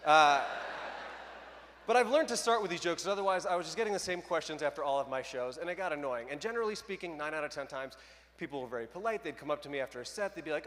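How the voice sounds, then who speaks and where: A young man with a somewhat high, fairly bright voice talks fast with lively intonation during a stand-up comedy set on a large arena stage. He is self-deprecating and conversational, bantering with the crowd, while arena reverb, faint crowd noise and audience laughter fill the recording.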